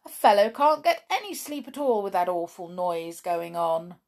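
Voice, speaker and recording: A woman's voice: lowish voice, very animated, normal speed. A woman voicing a grumpy, demanding male tree dweller in a storybook reading. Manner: loud, abrupt.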